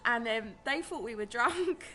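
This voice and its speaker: A woman's voice: a little high, unhurried. A young British woman chatting casually to camera as a vlogger, telling stories in a rambling way. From Britain. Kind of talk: casual vlog chat.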